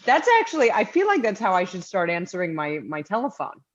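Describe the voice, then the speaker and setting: A woman's voice: mid-range voice, big pitch swings, brisk, highs cut off. A woman co-hosting a podcast, chatting casually with wry asides and frequent laughter. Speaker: podcast co-host. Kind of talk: casual chat.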